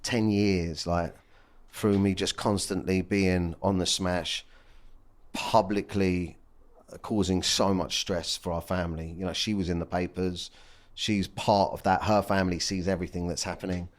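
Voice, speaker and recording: Podcast guest: man, 30s, low voice, raw and candid, curses a lot. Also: steady tone, a little slow. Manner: blunt and emotional, swears freely. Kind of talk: candid casual chat.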